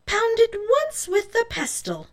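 A woman's voice: very high voice, huge pitch swings, pitched above the performer's own voice, full character voice. A woman doing a stern old fairy-tale woman. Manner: measured, warning.

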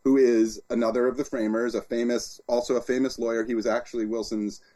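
A man, an author and guest, talking in an interview as an animated storyteller with frequent restarts. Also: medium pitch, fairly quick. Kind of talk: interview conversation.

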